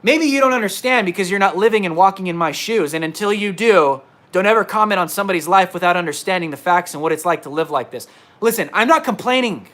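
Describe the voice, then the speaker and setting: A man's voice: high-pitched, animated, normal speed, a bit bright. Indignant man on a livestream. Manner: indignant, emphatic, repeats himself. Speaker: independent reporter. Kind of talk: livestream monologue. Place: indoors at a laptop.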